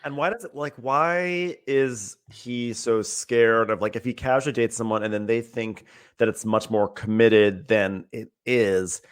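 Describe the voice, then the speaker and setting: A man's voice: medium pitch, steady tone, a little slow, clean tone. A man co-hosting a podcast in casual chat, recapping a movie and quoting its lines with mock outrage. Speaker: podcast co-host.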